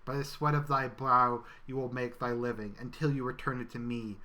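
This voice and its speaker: A man voicing a pompous, wrathful male bureaucrat god who booms grandiose proclamations. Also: fairly even intonation, normal speed, bright, forceful tone, natural voice.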